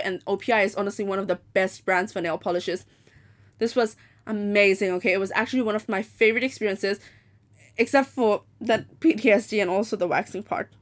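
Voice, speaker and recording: A woman in her late teens hosting a solo podcast, telling stories in an animated, profane rant. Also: mid-range voice. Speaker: podcast host.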